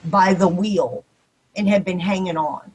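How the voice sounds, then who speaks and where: A woman with a Texan accent, probably in her thirties or forties, telling a ghost story on a podcast, quick and animated and acting out the dialogue. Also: on the low side, slightly rough, low-quality recording. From Texas. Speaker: podcast guest. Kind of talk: casual storytelling.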